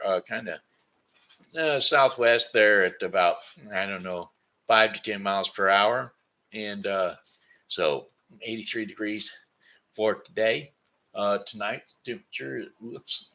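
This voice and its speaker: A low-pitched man with a bright, forceful tone. He talks in a tired, rambling way, repeats words and corrects himself as he goes. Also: measured pace. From Missouri, United States. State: tired, sleepy. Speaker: host of a daily home broadcast. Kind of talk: rambling casual monologue. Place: at home.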